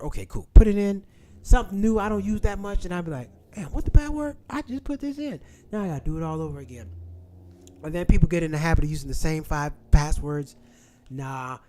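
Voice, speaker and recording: Animated, blunt man. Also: fairly high pitch. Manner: blunt, profane, animated storytelling. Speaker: channel host. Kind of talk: casual livestream talk.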